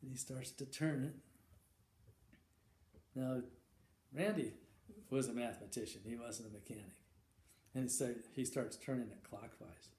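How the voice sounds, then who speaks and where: A man telling a long shaggy-dog joke, halting and repeating words, chuckling now and then. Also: medium pitch, darkish tone, a little hiss or hum. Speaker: joke teller. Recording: echoey room with faint ambience.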